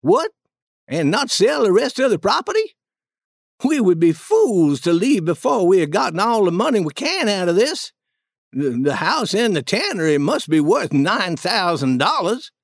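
A man voicing a scheming middle-aged con man who calls himself a king, speaking in a persuasive, smooth manner for a read-aloud story. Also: on the high side, very animated, a little slow, hardly any pauses, a bit bright, dry recording, clean studio sound, exaggerated voice. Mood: indignant.

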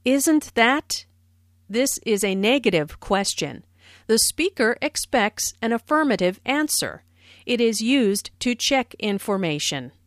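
A woman narrating a scripted language lesson, explaining phrases slowly and carefully with clear enunciation. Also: on the high side, fairly bright tone, no room sound, clean studio sound. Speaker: language teacher.

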